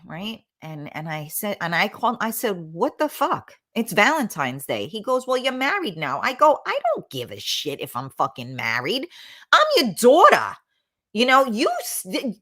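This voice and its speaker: Blunt, rambling, bright-voiced woman host. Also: mid-range voice. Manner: rambling, blunt, swears freely, frequent fillers. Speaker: talk show host reading live comments. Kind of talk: casual live-stream chat.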